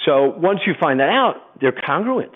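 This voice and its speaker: A middle-aged man giving a webinar presentation, telling stories in an animated way and acting out voices. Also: a little high, moderate pace. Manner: animated storyteller, acts out voices. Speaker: program presenter. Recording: phone-like webinar audio.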